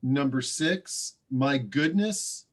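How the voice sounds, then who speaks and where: A man's voice: mid-range voice, extremely slow. A man co-hosting an online party and reading quiz answers, friendly and hesitant, with many fillers. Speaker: co-host running the slideshow and quiz. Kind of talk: casual hosting on a video call. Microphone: video call.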